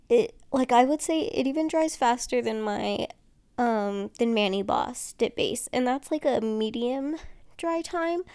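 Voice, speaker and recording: Slow, creaky-voiced woman vlogger. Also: on the high side, a little mellow, dry recording. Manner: rambling, chatty, many fillers and restarts. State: tired. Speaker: nail tutorial vlogger. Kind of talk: casual tutorial chat while doing nails.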